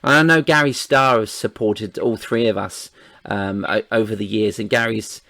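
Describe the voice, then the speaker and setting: Gravelly man reminiscing. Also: on the low side, steady tone, normal speed, pushed and bright, dry recording. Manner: chatty, laughs often, reminiscing. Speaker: podcast host. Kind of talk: casual chat.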